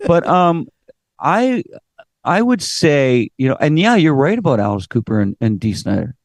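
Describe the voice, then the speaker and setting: A middle-aged Canadian man with a Canadian accent, a singer guest in a casual interview, telling animated stories, acting out quotes and swearing casually. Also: fairly high pitch, moderate pace, no echo, studio quality.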